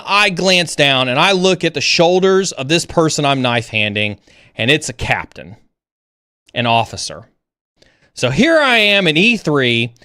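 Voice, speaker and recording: A man hosting a livestream, casually telling a story in an animated way with many halting restarts. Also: smooth, no room sound, studio quality. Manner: animated, rising pitch when excited. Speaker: livestream host.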